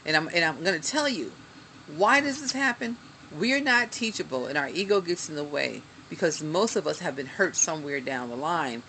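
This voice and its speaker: Faint crickets chirp behind a woman filming herself at arm's length as she reads from a book and encourages viewers, adding plenty of ums and asides. Her voice is deep, bright and forceful, with slight background noise present.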